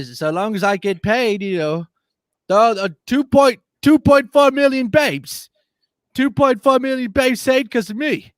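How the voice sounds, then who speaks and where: A bragging Australian bloke, as a man puts him on. The voice sits high and sounds dry and close. He drawls with plenty of filler and slang. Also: dry recording.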